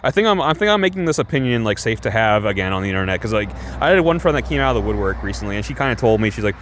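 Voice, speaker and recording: A man's voice: lowish voice, sing-song, racing, few pauses, a bit bright, a little hiss or hum. Chatty young man rambling through a review. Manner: chatty, heavy use of "like" and restarts, laughing asides. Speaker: vlogger reviewing TV shows.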